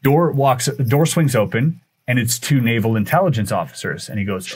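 A man who is a guest on a podcast, telling a story in animated fashion, acting out the dialogue and often restarting his sentences. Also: on the low side, a little fast, breathy edge. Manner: acts out dialogue with shifting voices, frequent restarts.

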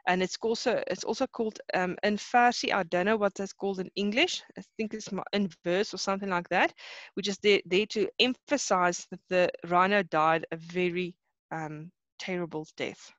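A woman teacher in an online lesson, explaining a poem slowly, with Afrikaans terms mixed in and many pauses and repeated words. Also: on the low side, fairly even intonation, dry recording, dull audio. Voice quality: frequent hesitations and repeated words.

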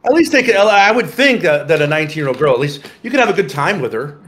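A middle-aged man, a guest in casual livestream chat, rambling and halting with many restarts. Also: a little high, very animated, a crowd in the background.

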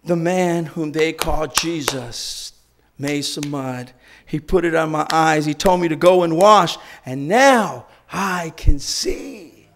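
A man preaching who voices a formerly blind man, now healed and joyful, telling slowly and with wonder how he came to see. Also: sits high, sing-song, fairly bright tone, heavily acted. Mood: amazed. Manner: slow, wondering testimony.

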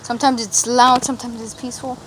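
A woman's voice: a little high, flat delivery, quick pace. Rambling woman vlogging outdoors by traffic. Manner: rambling, slangy, lots of fillers. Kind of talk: casual rambling vlog. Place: outdoors in a yard near a road. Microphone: phone camera held facing self. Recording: outdoor phone recording with traffic noise. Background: street traffic and outdoor ambience.

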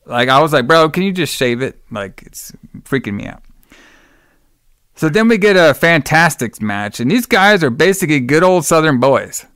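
Smooth-voiced rambling podcast host, man. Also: a little high, sing-song, normal speed, fairly bright tone, dry recording, clean studio sound. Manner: rambling, laughing, swears freely. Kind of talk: casual podcast chat.

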